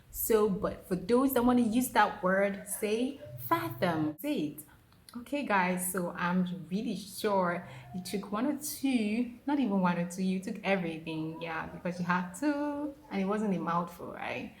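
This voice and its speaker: A woman teaching pronunciation in a casual video lesson, lively and coaxing, drilling each word by repetition. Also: medium pitch, measured pace. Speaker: pronunciation tutor. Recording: roomy echo.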